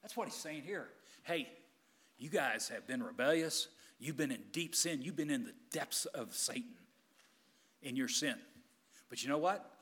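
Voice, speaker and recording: A man preaching a sermon in a church, swinging between loud emphatic passages and hushed, quiet ones. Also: mid-range voice, lively intonation, measured pace, husky, long reverb tail.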